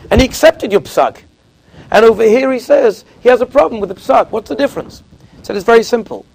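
Gravelly high-voiced man giving a Torah talk. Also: lively intonation, fairly quick, poor audio. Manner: storytelling, acts out quoted speakers. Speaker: rabbi. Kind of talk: Torah lecture.

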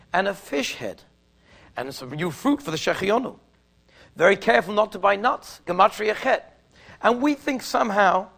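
A man giving a storytelling sermon in Orthodox Jewish English, animated and slowing down to stress his points. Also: sits high, vocal fry. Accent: Orthodox Jewish English with Yiddish and Hebrew words. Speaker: rabbi giving a talk.

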